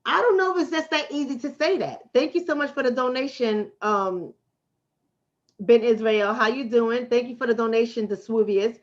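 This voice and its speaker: A woman's voice: a little high, normal speed, dull audio. A woman from the Bronx, hosting a casual livestream and answering her chat in a blunt, streetwise way that repeats points for emphasis. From the Bronx, New York City. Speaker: livestream host and relationship coach.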